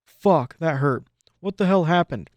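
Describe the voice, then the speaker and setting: A man's voice: a little high, expressive, dark tone, no room sound, pitched above the performer's own voice. A man voicing a brash young male pegasus soldier on the run, talking cocky and defiant. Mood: pained. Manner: cocky, defiant, quick-tongued.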